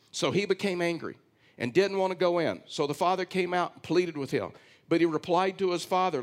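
A male pastor preaches in an emphatic, repetitive style, reading a passage and then unpacking it for the congregation. His voice sits a little higher than most men's. He keeps pulling the listeners back in with short calls for attention. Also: fairly quick. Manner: emphatic preaching, repeats phrases, often says "listen"; reads scripture aloud, then comments on it. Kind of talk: sermon.

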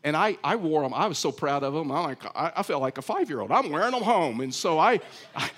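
Folksy Texan preacher, high voice. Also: male voice, fast. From Texas. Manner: folksy storytelling, animated acting-out of dialogue. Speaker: pastor. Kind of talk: sermon.

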